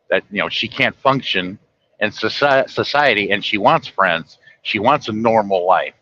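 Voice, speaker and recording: A man's voice: medium pitch, bright, forceful tone, dull audio. A man driving a truck, chatting casually and folksily with viewers from the road. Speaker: truck driver livestreaming. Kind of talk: casual rambling talk to viewers. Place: truck cab on the highway.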